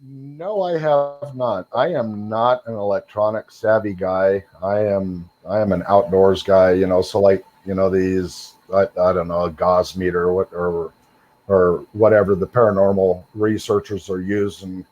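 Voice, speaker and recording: Middle-aged man, rambling low storyteller. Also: steady tone, unhurried, darkish tone, dull audio, slight background noise. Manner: rambling, many fillers and repeated words. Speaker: guest sharing encounters. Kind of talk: casual storytelling interview.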